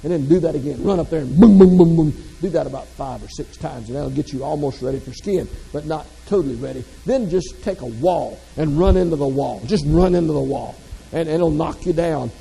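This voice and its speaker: A man's voice: fairly high pitch, brisk, vocal fry, dark tone, long reverb tail, poor audio. A man from the American South, giving a motivational keynote full of folksy, self-deprecating humor. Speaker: motivational speaker.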